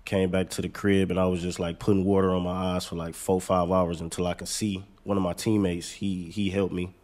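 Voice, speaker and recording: Deep-voiced American man telling a story. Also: a little fast. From United States. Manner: relaxed, laid-back, says "man" a lot. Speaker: basketball player, guest. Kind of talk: casual storytelling.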